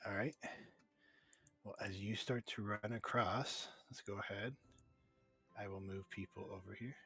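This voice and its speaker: Low-voiced man narrating as game master. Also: steady tone, measured pace, bright, forceful tone, faint music behind. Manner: casual, descriptive, many fillers.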